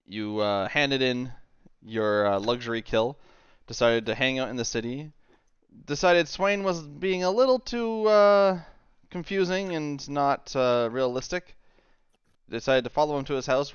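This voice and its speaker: A man's voice: medium pitch, clear, resonant tone, no echo. A man running an online tabletop game as game master, recapping loosely with many fillers and laughing often. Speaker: dungeon master. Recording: slightly dull, dry voice-call audio.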